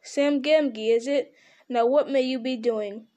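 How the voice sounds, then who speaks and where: A woman voicing a stern, commanding old male wizard who is gruff but kindly underneath. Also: high voice, fairly even intonation, unhurried, dark tone. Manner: grim, commanding.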